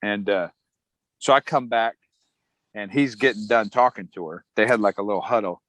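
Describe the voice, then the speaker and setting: A man's voice: on the low side, normal speed, poor audio. A middle-aged man, an Army veteran, telling his story casually in an interview, acting out other people's lines with a chuckle. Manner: relaxed, chuckling, acts out quotes of others.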